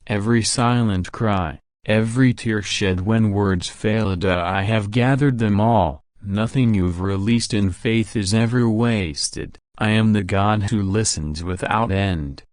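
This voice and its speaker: A man voicing God in a scripted devotional narration, speaking in a slow, measured, reassuring way. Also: on the low side, no echo, clean studio sound, natural voice. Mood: solemn reassuring. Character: God speaking to his child, calm and solemn.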